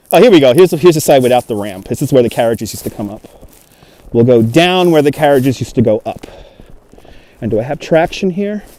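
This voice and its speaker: A man's voice: medium pitch, a little mellow. A man with a New York accent hosting a casual livestream while walking through a snowy park, chatting, laughing often and reading comments aloud. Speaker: livestream host. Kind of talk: casual livestream walk-and-talk. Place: snowy city park, outdoors. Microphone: phone camera on a gimbal.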